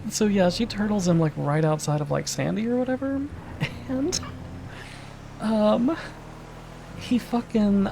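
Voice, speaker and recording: Woman streamer, gravelly, darker tone, animated swearing storyteller. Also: mid-range voice, slight background noise, rough recording. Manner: animated, laughing, quotes others. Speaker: streamer playing a police role-play character.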